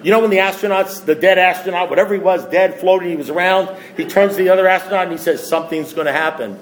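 A man's voice: high-pitched, steady tone, quick pace, poor audio. A man speaking to a recovery meeting, emphatic and repetitive, firing rhetorical questions at the room. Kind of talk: impassioned talk to a group.

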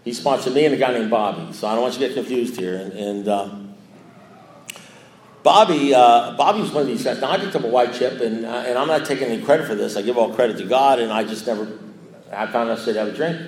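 A man's voice: mid-range voice, fast, darkish tone, slight background noise. Man, storyteller at a recovery meeting, rambling and self-mocking, mid-range voice, roomy echo. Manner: repetitive, self-mocking, acts out quoted lines. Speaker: speaker sharing a recovery story. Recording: echoey room.

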